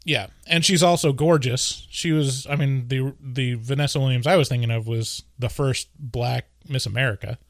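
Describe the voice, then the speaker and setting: This is a man from the US West Coast co-hosting a casual podcast, his voice mid-range and recorded clean in a studio with no room sound. He jokes, rambles, and laughs easily as he talks.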